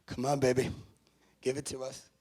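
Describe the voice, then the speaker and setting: A man speaking as a motivational speaker to a college audience. He is emphatic and repeats his key phrases, swinging from loud to hushed. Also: medium pitch, completely flat delivery, moderate pace, husky. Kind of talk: motivational talk to students. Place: college event before a student audience.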